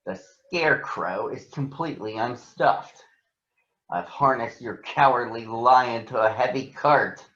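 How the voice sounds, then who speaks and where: A man's voice: medium pitch, a little slow, a bit bright, close to an everyday voice. A man voicing a cruel, gloating old witch from a storybook, drawing out his words. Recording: roomy, dull sound.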